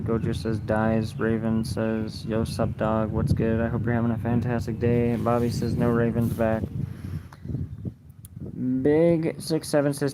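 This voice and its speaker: A young man live streaming from a lakeside park, reading his chat aloud in a flat, mumbled way that turns defensive at times. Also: medium pitch. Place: outdoors at a park by a lake. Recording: noisy outdoor phone recording.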